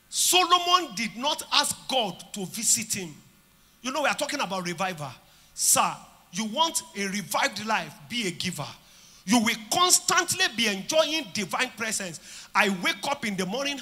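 A man with a Nigerian accent preaching a sermon at a church conference, declaring and shouting, then dropping to quieter talk. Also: high voice, long reverb tail. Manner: declaring and shouting, swinging between loud and soft. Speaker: pastor.

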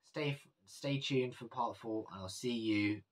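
A man's voice: medium pitch, unhurried. A man casually vlogging about his jewellery, rambling with many fillers and self-corrections.

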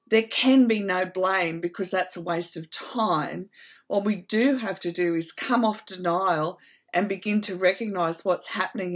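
A middle-aged woman speaks to her viewers in a sincere, heartfelt way, her voice sitting at an ordinary pitch. She talks casually and keeps pausing to check in with the listener. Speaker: host. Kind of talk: casual advice talk to viewers.

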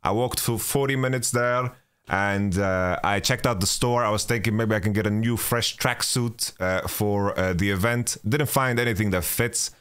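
A man with a lowish, smooth, fairly bright voice speaks at a moderate pace with fairly even intonation. On his own podcast he rambles through a travel story, cursing often, restarting sentences, and saying "you know" repeatedly.

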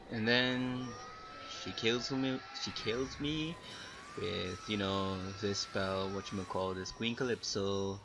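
A young man giving excitable, ranting commentary over his gameplay. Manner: excitable ranting with big pitch swings. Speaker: gaming video creator. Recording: noisy background.

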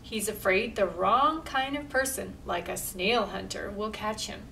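A woman's voice: mid-range voice, unhurried, creaky, pushed and bright. A woman reading a picture book aloud at a library storytime, chatty and pointing at the pictures. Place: library room. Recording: distant mic, faint room noise.

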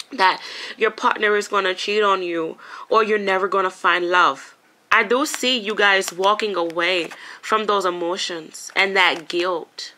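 Chatty bright-voiced woman tarot reader. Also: medium pitch. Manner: chatty, emotional, swears casually, addresses viewers as honey and you guys. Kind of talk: casual spoken tarot reading.

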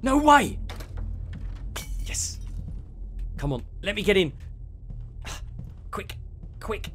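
A young man giving excitable let's play commentary, muttering one moment and shouting or laughing the next. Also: high-pitched, drawn-out words, a little hiss or hum. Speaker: gaming YouTuber.

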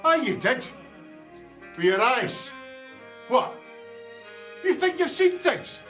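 An actor with a Scottish accent playing a touchy, dramatic middle-aged ex-soldier wearing a dress in a comedy. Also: male voice, very high voice, big pitch swings, takes it slowly, a bit bright, faint music behind, exaggerated voice. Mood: defensive. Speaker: comedy character, a veteran in a dress. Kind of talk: sitcom acting.

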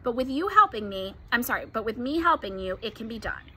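A wise, gentle female spider from a read-aloud storybook, as a woman reads her part. She speaks politely and in measured phrases. The voice sits a little high, bright and clear. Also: very animated, exaggerated voice, low-quality recording. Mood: dry. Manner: polite, measured, later weary.

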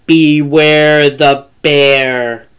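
A woman voicing a big, hungry male bear in a children's story, growling and booming her lines. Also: steady tone, drawn-out words, clean tone. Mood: growly menacing.

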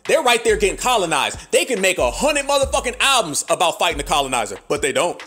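A man's voice: sits high, big pitch swings, quick pace, sharp tone, soft background music. A man hosting a podcast in a fiery, preachy monologue, full of rhetorical questions and profane slang. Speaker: podcast host.

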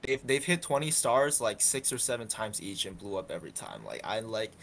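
A man's voice: lowish voice, animated, brisk, vocal fry, a bit bright, slight background noise. A man in casual gaming chat, hesitant and rambling, filling gaps with "like" and "you know". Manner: hesitant, rambling, heavy with fillers.

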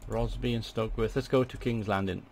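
Young man, lowish voice, let's play commentary, chatty, bursts of excited swearing, desk mic. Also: fairly quick, gravelly. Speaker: gaming channel host.

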